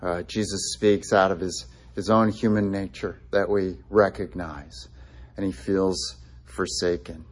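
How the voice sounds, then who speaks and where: A man's voice: deep voice, fairly even intonation, unhurried. A man preaching a sermon in a conversational way, with frequent fillers and restarts, quoting scripture with feeling. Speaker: pastor.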